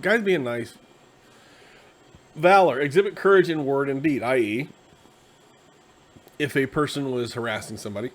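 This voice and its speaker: A tired man hosting a casual, rambling explanation of a tabletop game class, slipping into quick acted asides. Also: medium pitch. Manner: conversational, acts out quick quoted asides. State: tired, yawning.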